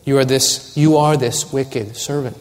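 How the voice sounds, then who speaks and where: A man's voice: medium pitch, fairly even intonation, a little slow, slight background noise. A man preaching a sermon as pastor, earnest and building to urgent warnings. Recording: long hall reverb.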